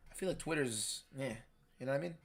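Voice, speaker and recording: A young man hosting a live fight watchalong, reading viewer messages aloud and talking in an emphatic, shouty way. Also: medium pitch, lively intonation, fast, gravelly. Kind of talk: live stream chat and fight commentary.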